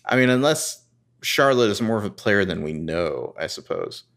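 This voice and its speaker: Deep-voiced man in casual chat. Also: lively intonation, moderate pace, gravelly, a bit bright. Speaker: podcast co-host recapping a TV episode.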